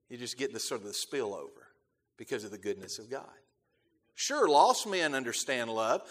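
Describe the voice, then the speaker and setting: A man preaching a sermon as pastor, emphatic, repeating key phrases and swelling loud on key words before dropping to quiet asides. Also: on the high side. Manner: emphatic, repeats key phrases, quotes scripture in King James wording.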